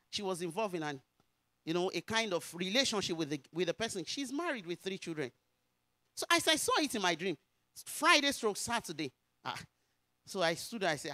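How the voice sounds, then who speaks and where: Nigerian lady pastor preaching, yoruba accent, bright lively voice, dry close sound. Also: mid-range voice, dry recording. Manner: animated, rising to emphatic preaching. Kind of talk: sermon with personal testimony.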